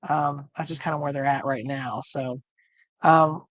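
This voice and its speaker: A man's voice: a little high, steady tone, unhurried, a bit bright, no room sound. Man losing his voice, rambling. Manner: rambling, many fillers and restarts. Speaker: livestream co-host. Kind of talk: casual chat.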